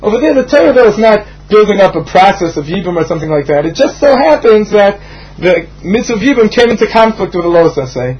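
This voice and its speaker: A man's voice: sits high, big pitch swings, quick pace, dull audio. Man giving a lecture. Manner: explanatory, rhythmic lecturing with frequent fillers. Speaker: Talmud teacher. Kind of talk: Talmud lecture.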